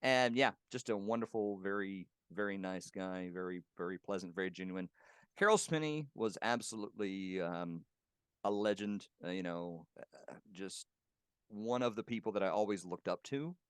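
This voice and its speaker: Low, smooth-voiced man telling stories. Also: moderate pace, no echo, studio quality. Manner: warm, reminiscing, laughs while telling anecdotes. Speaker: guest puppeteer. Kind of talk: casual interview storytelling. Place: home.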